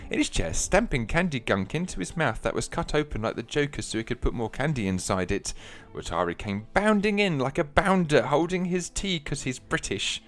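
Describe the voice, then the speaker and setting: A man's voice: on the high side, very animated, normal speed, few pauses. Giggly man reading a silly story. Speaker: radio host. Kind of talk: comic reading of a fan fiction.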